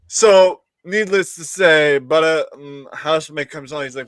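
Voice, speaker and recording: A man's voice: a little high, fairly even intonation, takes it slowly, a bit bright, smooth, dry recording. A man hosting a live-streamed chat show, telling a long rambling story, laughing often and acting out what other people said. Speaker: podcast host.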